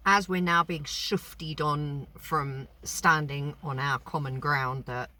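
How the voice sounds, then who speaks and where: A woman chatting casually and telling stories with animated indignation. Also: sits low, slow pace. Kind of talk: casual chat.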